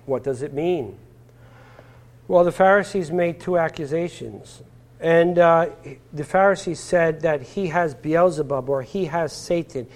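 High-voiced man preaching a sermon. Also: darkish tone. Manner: expository Bible teaching with rhetorical questions and frequent fillers.

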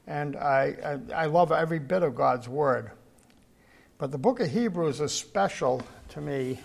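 A man with a fairly high voice leads a Bible study in an informal sermon style. He wanders through stories with many restarts, then slows down to read scripture with weight and emphasis. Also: gravelly. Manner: rambling, anecdotal, many restarts; slow, emphatic scripture reading. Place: church gathering, in person.

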